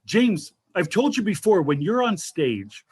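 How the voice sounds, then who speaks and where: A man telling funny stories as a guest on a casual online talk show, lively and quick to act out the people he quotes. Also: high voice, breathy edge. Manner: animated, jumps into voices for quoted people. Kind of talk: casual comedic storytelling. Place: home video show, remote call.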